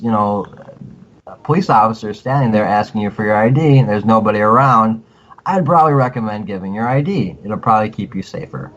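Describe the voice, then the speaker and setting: A man giving advice as a podcast guest in casual talk, halting and repeating words as he restarts his sentences. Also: medium pitch. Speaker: podcast guest, cop watcher. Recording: dull lo-fi audio with faint noise.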